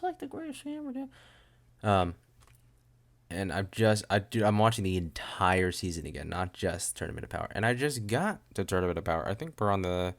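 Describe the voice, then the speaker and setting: Young male podcast host with a deep, gravelly voice who rambles and jokes loosely. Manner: rambling, jokey, lots of "dude" and fillers. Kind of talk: casual rambling chat.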